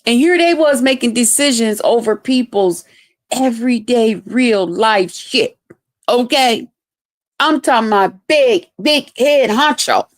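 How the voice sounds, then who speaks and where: With a slightly high voice, a woman hosting a livestream delivers her personal testimony. Her style is preachy, slow, and emphatic, and she talks right to viewers, calling them "y'all," in a dry recording with clean studio sound.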